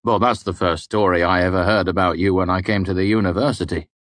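A man reading the part of a fussy male scribe, earnest and quick to protest. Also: sits low, steady tone, a bit bright, dry recording. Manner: earnest, protesting, easily affronted.

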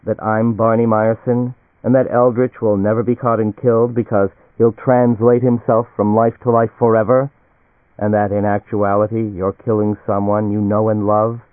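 A man's voice: lowish voice, flat delivery, moderate pace, dry recording, lightly acted. A man reading a frightened, defiant male cargo pilot who turns bitterly resigned. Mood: desperate. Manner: desperate, then bitterly resigned. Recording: tinny, phone-like and dry.

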